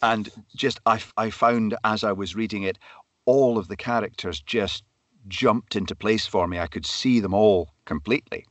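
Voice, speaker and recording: A man's voice: fairly low pitch, moderate pace, fairly bright tone, no echo. A man, an audiobook narrator as a guest, talking articulately with self-deprecating humour. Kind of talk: conversational interview.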